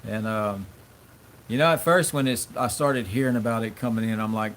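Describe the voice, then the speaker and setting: A man's voice: lowish voice, normal speed, a bit bright, a little hiss or hum. A man hosting a casual livestream, reading viewer comments aloud and thanking them in a rambling, friendly way. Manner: friendly, rambling, frequent fillers and restarts. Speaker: livestream host.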